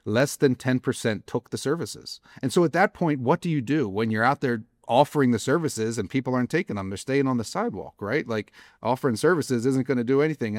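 A man co-hosting a podcast, telling a story in a lively way and clearing his throat now and then. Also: medium pitch, no echo, studio quality. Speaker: podcast co-host. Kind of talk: casual podcast discussion.

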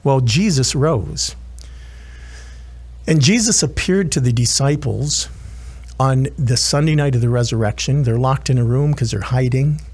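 Husky guy chaplain giving a sermon, earnest storyteller, keeps restarting himself. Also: mid-range voice, unhurried, darkish tone.

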